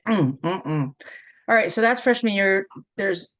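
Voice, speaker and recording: A middle-aged woman interviewing an old college teammate, reminiscing in a lively, laughing, storytelling way. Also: mid-range voice, unhurried. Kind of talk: casual reminiscing conversation.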